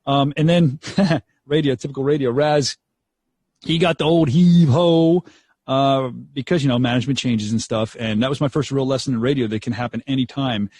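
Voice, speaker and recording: Studio-quality audio with no room sound captures a young man's mid-range voice at a moderate pace. As a radio DJ guest in a storytelling interview, he's lively, frequently laughs, and voices the quotes dramatically.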